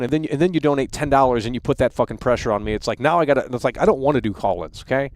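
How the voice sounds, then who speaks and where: A man's voice: medium pitch, racing, hardly any pauses, no room sound. Angry, profane male livestream host. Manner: heated, profane, repeats and stumbles over words. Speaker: live stream host.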